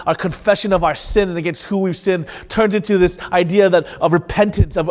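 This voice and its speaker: A man preaching a sermon in a conversational, animated way, often restarting his sentences. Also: high-pitched, big-room sound. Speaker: pastor.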